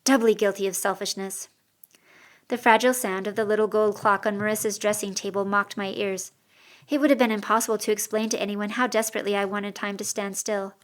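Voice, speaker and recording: A woman reads a first-person audiobook in a measured, expressive way. Her voice is mid-pitched for a woman and carries each sentence steadily through the story. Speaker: audiobook narrator.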